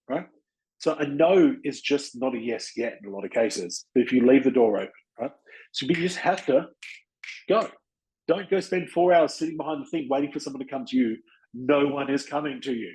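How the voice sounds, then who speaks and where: A man's voice: fairly high pitch, animated, brisk, a little mellow, low-quality recording. A man with an Australian accent talks in a casual coaching style. He is blunt and chatty, and he keeps breaking into short acted-out exchanges to make his point. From Western Australia. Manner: blunt, chatty, acts out little dialogues with people. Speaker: podcast host and chiropractic practice coach.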